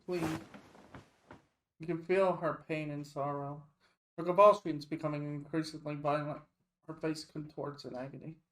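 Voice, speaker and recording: A man streaming a game, reading its story text aloud in a slow, deliberate way. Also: fairly high pitch, steady tone, a bit bright, a little hiss or hum.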